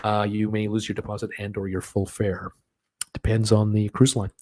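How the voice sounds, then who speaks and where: Male host, mellow dark tone, chatty and filler-heavy, chuckles at his own jokes, casual livestream trivia. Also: on the low side, little pitch movement, moderate pace. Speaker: host of a live cruise news and trivia stream. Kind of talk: casual live-stream chat reading viewer comments.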